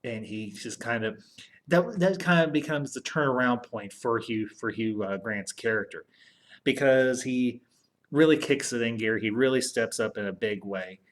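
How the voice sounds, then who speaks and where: A man's voice: medium pitch, normal speed. A man casually retelling a film's plot as a podcast host, rambling and often adding "and everything". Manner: rambling, repeats "and everything", restarts. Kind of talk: casual movie recap.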